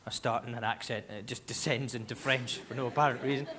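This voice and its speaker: A Scottish man doing stand-up comedy on a large theatre stage, rambling and animated with asides. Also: mid-range voice, quick pace, crowd noise. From Scotland. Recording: live theatre recording, loud ambience.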